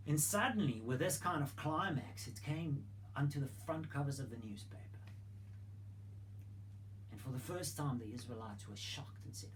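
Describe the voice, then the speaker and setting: A man's voice: mid-range voice, lively intonation, normal speed. A man preaching a sermon in a mid-range voice. He retells the story dramatically and keeps asking his listeners rhetorical questions. Faint noise sits behind him in a church hall.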